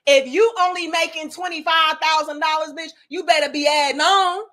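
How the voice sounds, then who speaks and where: A woman's voice: high voice, steady tone, moderate pace, fairly bright tone. A young adult woman hosting a commentary talk, ranting bluntly and profanely in a preachy way. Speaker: commentary host.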